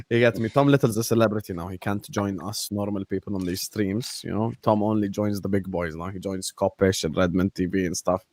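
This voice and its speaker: A young man hosting a casual livestream chat, animated and laughing often, using street slang. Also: low-pitched, brisk. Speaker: host.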